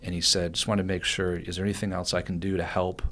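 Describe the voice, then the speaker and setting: As a podcast guest, a man tells a personal story in an animated, rambling way, restarting often and using many fillers. He has a low voice and talks fast.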